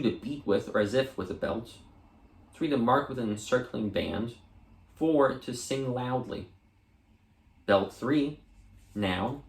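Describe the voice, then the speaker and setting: A man reading dictionary entries aloud for an audiobook, measured and deliberate, sometimes restarting a word. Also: medium pitch, reverberant. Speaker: audiobook reader.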